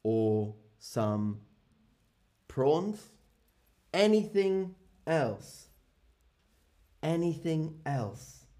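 Slow, lively-voiced man teaching a class. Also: a little high. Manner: very slow, repetitive, lively and exaggerated intonation; drills phrases, calls on students by name. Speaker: English teacher. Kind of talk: classroom language lesson.

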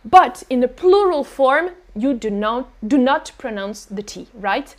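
A woman's voice: high-pitched, lively intonation, measured pace, hardly any pauses. A French woman with a French accent, teaching French pronunciation in a live stream and patiently repeating her examples. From France. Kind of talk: live-streamed language lesson.

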